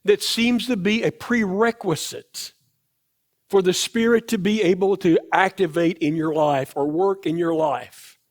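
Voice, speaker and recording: Slow, emphatic man preaching a sermon. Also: high-pitched, steady tone. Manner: slow, emphatic, repeats key phrases. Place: church sanctuary.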